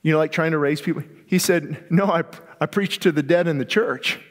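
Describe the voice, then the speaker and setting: A male pastor preaching a sermon with passion, swinging from near-shouts down to quiet, low asides. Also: a little fast. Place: church sanctuary. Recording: long hall reverb.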